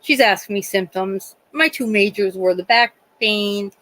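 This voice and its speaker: This nurse and livestream host talks a little slowly in a mid-range voice, over poor audio. Her casual storytelling is chatty and animated, full of laughter and acted-out lines of dialogue.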